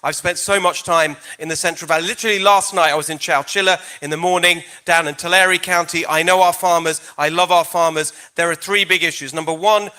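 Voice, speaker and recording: Candidate with a British accent, high bright voice, lively and jokey on stage. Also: male voice, fairly quick, hardly any pauses, clear, resonant tone. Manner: energetic, jokey, emphatic. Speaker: candidate in a debate. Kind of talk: campaign debate answer.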